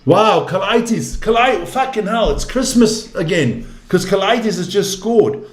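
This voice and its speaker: A live-stream basketball commentator rants in an echoey room, exasperated and swearing freely in casual, profane commentary. His voice is high, expressive and unhurried.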